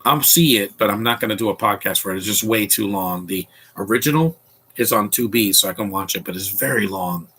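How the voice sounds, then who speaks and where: A man with a low, husky voice and a bright, forceful edge, giving casual movie commentary. He rambles and restarts often, airing blunt opinions as the film plays. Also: fairly quick. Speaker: podcast commentary host.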